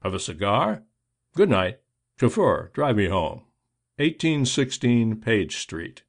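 A man doing a suave gentleman crook. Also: on the low side, wildly swooping pitch, a little slow, creaky, full character voice. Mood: smooth bluff. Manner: suave, confident, persuasive. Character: smooth-talking male gentleman crook.

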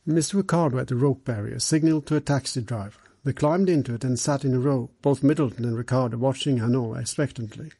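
Audiobook narrator, man, husky voice, measured reading, dry close recording. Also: mid-range voice, warm tone, no room sound. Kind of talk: scripted mystery narration.

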